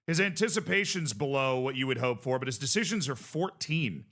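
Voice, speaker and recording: A man streaming a football management game, calling the match play-by-play and shouting in excitement. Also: medium pitch, fairly quick. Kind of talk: live gameplay commentary.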